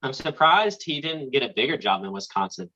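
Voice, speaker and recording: Brief: young male co-host, bright voice, joking, dull lo-fi recording. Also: medium pitch, big pitch swings. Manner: joking, quick to laugh. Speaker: podcast co-host. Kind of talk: casual sports podcast chat. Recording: dull lo-fi sound.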